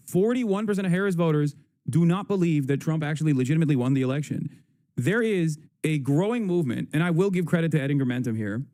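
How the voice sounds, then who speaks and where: A man streaming live, reading posts aloud and joking in quick casual talk. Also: a little high, mellow, dry recording. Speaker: livestreamer. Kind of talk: casual livestream commentary.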